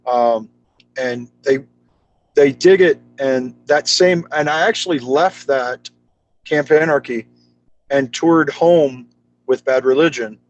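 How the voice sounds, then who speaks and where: A man's voice: medium pitch, slow pace, muffled recording. A man guest on a podcast, chatting casually and animatedly, with slangy talk, acting out the people he quotes. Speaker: guest, charity founder. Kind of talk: casual storytelling chat.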